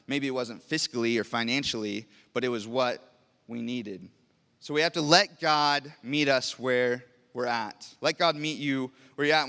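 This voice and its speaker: A man's voice: medium pitch, bright, forceful tone, clean tone. A young adult man preaching a sermon in a church, earnest and personal, asking rhetorical questions and telling stories from his own life. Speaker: pastor. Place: church sanctuary. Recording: long reverb of a large hall.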